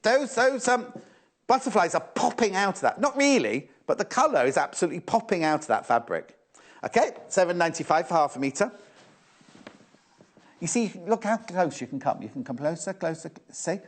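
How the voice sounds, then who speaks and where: Lively chatty British TV presenter man. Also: sits high, normal speed. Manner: chatty, teasing, repeats prices. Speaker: shopping channel presenter. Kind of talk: live shopping demo.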